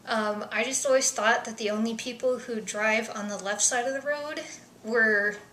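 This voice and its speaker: A young woman vlogger chatting casually through survey questions, self-deprecating, with soft mumbled asides. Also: a little high, fairly even intonation, normal speed, roomy sound, slight background noise, rough recording.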